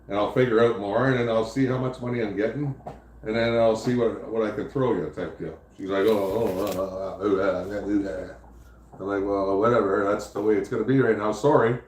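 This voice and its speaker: A man's voice: medium pitch, brisk, a little mellow, slight background noise. Male livestream host, mid-range voice, profane, rambling storyteller, echoey room. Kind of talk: casual chat.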